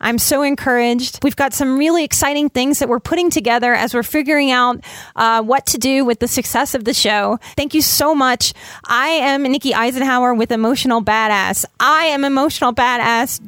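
A woman's voice: high-pitched, normal speed, no echo. A woman hosting her own podcast, closing the episode with heartfelt, effusive thanks to listeners. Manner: warm, effusive, emotional gratitude. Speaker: podcast host. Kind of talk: podcast outro, casual and heartfelt.

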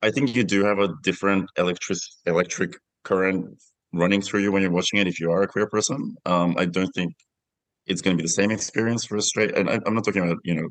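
A man's voice: deep voice, fairly even intonation, fast, no echo. A middle-aged man, a film director, answering interview questions reflectively with frequent restarts.

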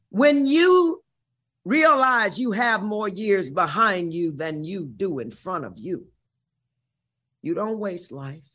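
A woman's voice: mid-range voice, expressive, takes it slowly, fairly bright tone. A woman in her sixties from Missouri, telling her life story as an interview guest in a brassy, profane, dramatic way. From Missouri, USA. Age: 60s.

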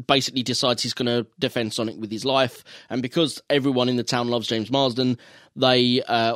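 A man's voice: medium pitch, a bit bright. A man from the UK co-hosting a casual film review chat, recapping scenes at length with fillers and restarts. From United Kingdom. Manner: rambling recaps with fillers and self-corrections. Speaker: podcast co-host.

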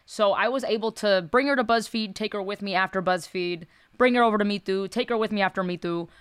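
A woman's voice: medium pitch, fairly quick, smooth, no echo. A woman sketch comedian talking candidly in a casual podcast conversation, blunt and swearing freely. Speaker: sketch comedian and character creator.

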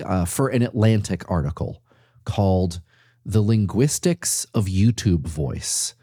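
A man hosting a podcast, narrating from a script and interviewing a guest with playful, animated storytelling. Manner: playful, animated storytelling with sudden leaps in pitch. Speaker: podcast host.

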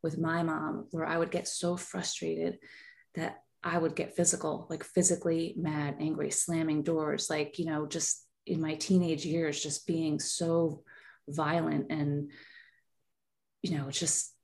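A woman's voice: low voice, flat delivery, measured pace, darkish tone. A woman in her forties, a podcast guest, telling a heartfelt personal story in a rambling way with many fillers.

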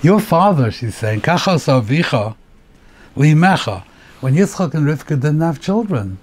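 A rabbi giving a Torah class on the weekly portion, explaining the text step by step, asking rhetorical questions and mixing in Hebrew terms. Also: male voice, a little high, big pitch swings, a little slow, darkish tone.

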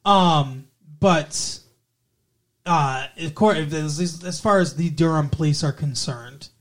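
A man's voice: on the high side, slow, fairly bright tone. Opinionated man from the American South. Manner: chatty, opinionated, swears casually. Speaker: podcast co-host. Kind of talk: casual movie discussion.

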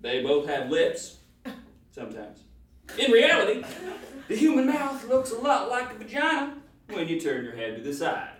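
A man playing a crude, deadpan ranger sidekick. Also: high-pitched, normal speed, long pauses. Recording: roomy, distant-mic recording.

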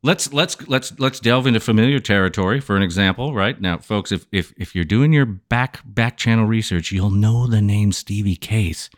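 A man hosting a podcast with a smooth voice and a playful, showy manner, joking with his listeners. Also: lowish voice, normal speed, hardly any pauses. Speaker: podcast host.

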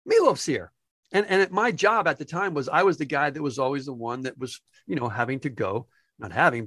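Animated New Jersey-raised storyteller. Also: male voice, on the low side, gravelly, no echo, studio quality. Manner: animated storyteller acting out quotes. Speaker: music industry insider. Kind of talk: casual anecdote telling.

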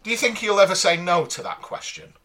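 Bright-voiced man cohosting a podcast. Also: high-pitched, huge pitch swings, a little fast. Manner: teasing and jokey, reading listener messages. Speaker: podcast co-host. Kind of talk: casual podcast chat.

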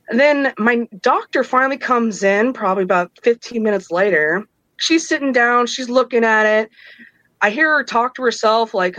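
Lively woman telling her own story. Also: on the high side, normal speed, no echo, poor audio. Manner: animated, acts out the voices of others, laughs between lines. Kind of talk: casual storytelling.

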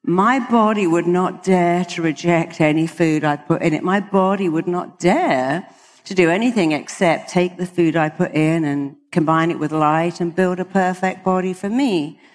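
A woman's voice: fairly low pitch, moderate pace, big-room sound. A British woman, a hypnotherapist, giving an emphatic motivational talk to a live audience and acting out the people she quotes. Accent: British English. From Britain.

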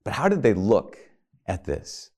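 A man's voice: on the low side, huge pitch swings, measured pace, mellow. A man preaching a sermon, earnest, asking his listeners rhetorical questions and often restarting his sentences. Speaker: priest.

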